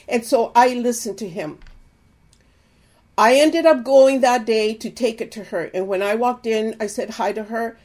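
A woman's voice: on the high side, a little slow, darkish tone. An older woman preaching, telling an earnest personal testimony and exhorting her listeners.

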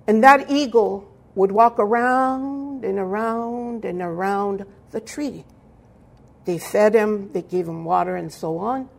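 A woman preaching a sermon with fervent calls for amens, telling a story with quoted dialogue. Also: on the high side.

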